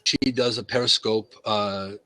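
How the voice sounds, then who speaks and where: A man's voice: lowish voice, steady tone, a little slow, bright, forceful tone, no room sound. Playful man in a fake British accent. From United States. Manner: playful storyteller, slips into put-on voices. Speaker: host. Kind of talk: casual live-stream chat.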